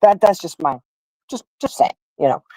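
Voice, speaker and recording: Middle-aged woman chatting on her stream, lowish voice, dry close sound, just rambling along telling stories to the viewers. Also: lively intonation, normal speed, mellow, no echo, rough recording. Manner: chatty, storytelling, talks straight to the viewers. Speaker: livestream host. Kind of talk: casual chat.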